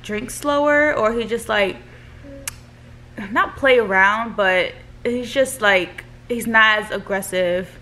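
A woman's voice: mid-range voice, vocal fry, pushed and bright. A young woman, a new mother, chatting casually to camera with many "like" fillers.

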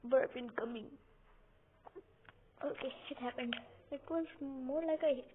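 Young woman, high and unhurried, giggly rambling game commentary, lo-fi phone-quality sound. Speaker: gaming video host. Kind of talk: casual gameplay commentary. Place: home, lying on a couch. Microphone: phone or computer mic, sometimes covered by her hand. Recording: tinny phone-like audio with faint hiss.

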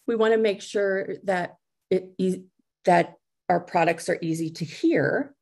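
A woman's voice: lowish voice, measured pace, vocal fry, a little mellow. A middle-aged woman giving a conference talk over a video call, speaking conversationally with fillers and restarts.

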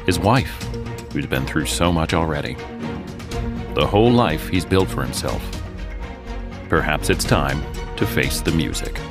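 A man's voice: a bass voice, animated, a little slow, long pauses. An American man hosting a podcast, narrating a true story dramatically with jokey asides. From United States. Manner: dramatic storytelling, jokey banter between scenes. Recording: voice over a music bed.

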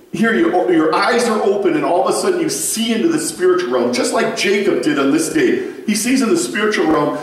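A man preaching a sermon as a pastor, telling stories in a conversational, animated way and turning to people in the congregation. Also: fairly high pitch. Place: church sanctuary. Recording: very echoey room, mic far off.

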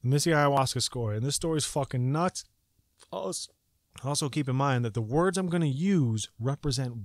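Animated, swearing man telling a story. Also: medium pitch, dry recording. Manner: profane, excitable, acts out his own reactions. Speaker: vlogger. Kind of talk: casual storytelling to camera.

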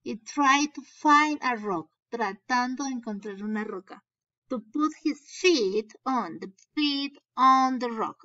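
A woman teacher reads a children's story aloud and translates the key words. She speaks slowly in a slightly high voice. The recording sounds dull and lo-fi, like a home lesson video. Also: pushed and bright. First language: Spanish. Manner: slow, explaining and translating into Spanish.

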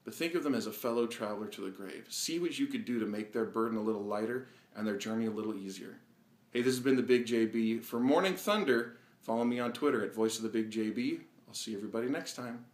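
A man hosting his own video blog, speaking earnestly and reflectively with many pauses and fillers, a little out of breath. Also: fairly low pitch. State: slightly out of breath. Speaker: vlog host. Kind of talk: personal video monologue. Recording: roomy echo.

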